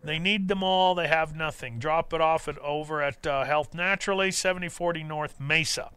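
A man hosting a talk radio show, speaking haltingly with many fillers and restarts, then reading a poem aloud. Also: a little high, fairly even intonation, sharp tone, clear, resonant tone, dry recording. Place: radio studio. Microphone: studio microphone.

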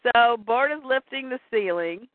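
Lively woman retelling a comic. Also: a little high, unhurried, no echo. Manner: lively storytelling with laughs. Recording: tinny phone-like line, dry.

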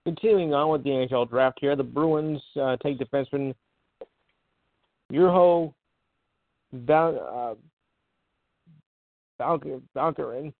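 A man's voice: mid-range voice, slow pace, creaky, long pauses, no echo. A man hosting a casual sports show, reading draft picks and tripping over hard names with offhand asides. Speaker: podcast host reading sports news. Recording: tinny phone line.

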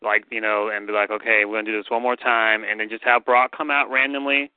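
A man's voice: lowish voice, flat delivery, fast, smooth, no echo. A man giving blunt, opinionated takes in casual podcast chat. His voice sounds tinny and narrow, like a phone line. There is little room sound around it. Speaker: podcast co-host.

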